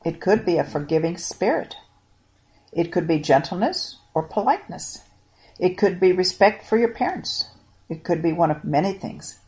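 A woman narrates a Bible story for children with expressive, moralizing delivery. She turns often to speak directly to the listener. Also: lowish voice, moderate pace.

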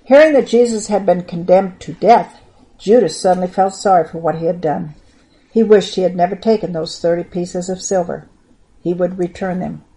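A woman reading a Bible story aloud in an expressive storytelling manner. She lifts her voice for tense moments and drops it low and soft for sad ones. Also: normal speed, low-quality recording.

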